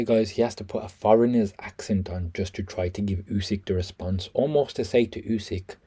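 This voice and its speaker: A man's voice: lowish voice, warm tone, breathy edge. A man with a Birmingham accent, chatting casually to viewers while breaking down a boxing press conference. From England. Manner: chatty, keeps addressing viewers as "guys". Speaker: boxing commentator on video.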